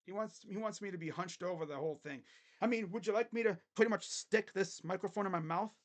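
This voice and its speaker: A man's voice: high voice, quick pace. A man hosting a casual sports livestream, grumbling and sarcastic, swearing offhandedly at a desk microphone.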